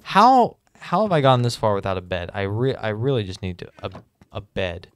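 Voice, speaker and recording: A man giving excitable, chatty gameplay commentary and talking straight to his viewers. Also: on the low side, normal speed, smooth. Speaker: gaming video host.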